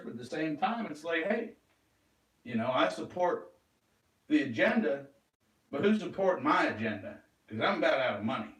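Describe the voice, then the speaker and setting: A man talking in an agitated, rambling monologue, swearing and flaring into loud outbursts. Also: mid-range voice, distant mic. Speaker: vlogger. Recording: roomy echo, away from the mic.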